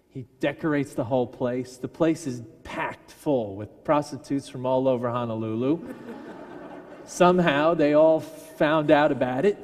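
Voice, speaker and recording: A man preaching a sermon as a minister, telling a story with lively delivery and briefly acting out the people in it. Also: medium pitch. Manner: animated storyteller who acts out quoted voices. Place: large church sanctuary. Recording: long church reverb. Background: congregation laughing.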